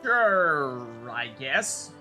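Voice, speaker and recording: A chatty gamer thinks out loud in a bright, slightly high voice while playing. His talk runs loose and casual, with game music faintly in the background. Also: big pitch swings, very slow. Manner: chatty, thinking aloud, laughs. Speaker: let's play host. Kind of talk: casual gameplay commentary.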